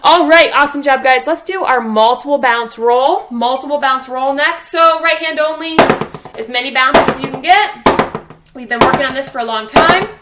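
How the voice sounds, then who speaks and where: High-voiced woman coaching drum practice. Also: moderate pace, roomy sound, heavy background noise. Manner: encouraging, counts aloud and coaches step by step. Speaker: music teacher. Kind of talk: online drum lesson for children. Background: drumstick clicks on a practice pad.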